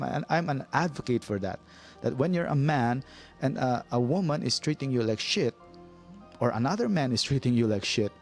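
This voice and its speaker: A man's voice: mid-range voice, gravelly. A man from the Philippines, a movie reviewer, giving an earnest opinionated commentary and often restarting his sentences. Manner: earnest, repeats himself, frequent restarts.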